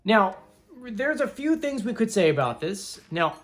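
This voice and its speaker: A woman talks through her theories in a casual commentary, wandering and hedging as she thinks aloud. Her voice sits in a middle pitch, and soft music plays quietly behind her. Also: big pitch swings, a little slow. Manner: chatty, thinks aloud, hedges often. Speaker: video host.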